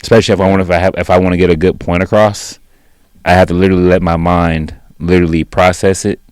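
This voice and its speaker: A man chatting on a podcast, telling stories in an animated way and acting out both sides of an argument. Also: low-pitched, fast, smooth, no room sound, studio quality. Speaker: podcast co-host. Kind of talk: casual podcast chat.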